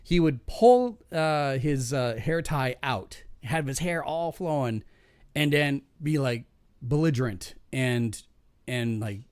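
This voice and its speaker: A man's voice: medium pitch, slow, clean tone, no room sound, clean studio sound. A man hosting a podcast, telling a work story casually, swearing and acting out the people he quotes. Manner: animated, swearing, acts out quoted voices. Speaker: podcast host.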